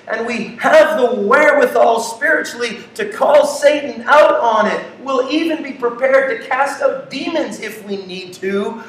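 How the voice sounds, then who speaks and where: A man preaching a sermon who swings between loud, excited passages and hushed, quiet ones. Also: very high-pitched, unhurried, few pauses. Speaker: pastor. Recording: echoey room, speaker far from mic.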